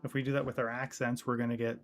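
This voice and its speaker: A man's voice: medium pitch, little pitch movement, fast. A man teaching guitar on a live stream, casual and rambling, with many ums.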